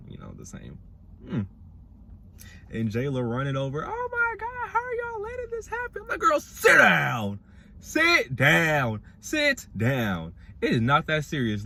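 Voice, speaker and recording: Animated, sassy young man reviewing. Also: slight background noise. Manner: animated, sassy, mimics cast members in high voices. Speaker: reality show reviewer. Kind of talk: casual commentary.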